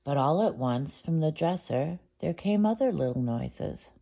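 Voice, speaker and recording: Female storyteller; slow, gentle, mellow read-aloud. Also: sits low, animated, gravelly.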